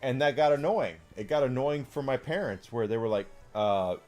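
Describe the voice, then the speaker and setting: A man's voice: medium pitch, moderate pace, a little mellow, soft background music. A man in his forties chatting casually and outspokenly as a streamer, rambling with many fillers. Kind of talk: casual chat while gaming.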